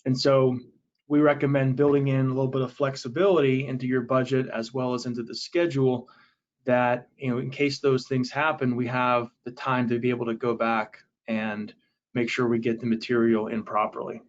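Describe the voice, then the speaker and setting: A man's voice: medium pitch, level tone, normal speed. A man presenting a technical webinar, explaining in a casual way with frequent fillers and restarts. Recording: dull, lo-fi audio.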